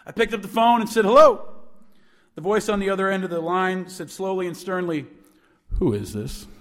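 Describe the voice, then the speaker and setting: A man with a high voice gives a speech to students. He tells stories with playful humor and acts out both sides of a phone call. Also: fast talker. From New York. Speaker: alumnus speaker.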